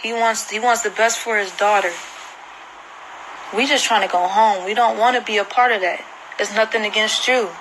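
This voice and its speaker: A woman's voice: medium pitch, fairly even intonation, moderate pace, a bit bright, a little hiss or hum, rough recording. A woman vlogger giving an emotional personal account to camera, earnest and repeating herself for emphasis. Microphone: phone screen recording.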